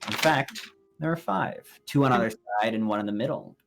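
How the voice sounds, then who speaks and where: A man's voice: mid-range voice, brisk, creaky, music in the background. A man running a tabletop game as game master, describing scenes with frequent fillers.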